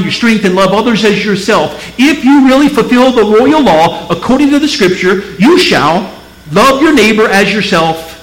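A pastor from Missouri preaching a sermon to his church, emphatic, swinging between loud peaks and low, slow passages. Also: roomy sound, rough recording. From Missouri, USA. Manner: emphatic, rising to near-shouted peaks, then dropping low and slow.

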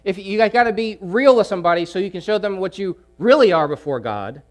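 Brief: man, sermon delivery, emphatic, slightly high pitch, shifts from loud to hushed. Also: animated, fairly quick. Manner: emphatic, repeats key phrases, swings between loud and hushed. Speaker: preacher.

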